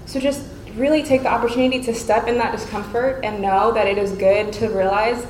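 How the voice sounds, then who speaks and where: A woman giving an earnest, measured talk to an audience as a panel speaker. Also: on the high side, steady tone, darkish tone. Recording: echoey room with faint noise.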